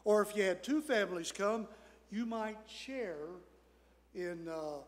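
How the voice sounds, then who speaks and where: A man preaching a sermon as pastor, telling a story in a folksy way and dropping to soft, hushed tones at tender moments. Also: high-pitched, expressive, slow. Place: church sanctuary. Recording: church hall with long reverb.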